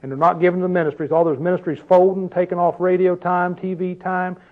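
On a dull, lo-fi recording, an older man with a high voice preaches a sermon quickly and with a flat delivery. His style is loose and conversational, and he keeps asking the congregation questions.

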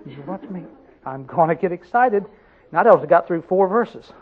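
A man's voice: high voice, lively intonation, moderate pace, narrow, tinny audio. A man preaching a sermon, emphatic, putting questions to his congregation and answering them himself.

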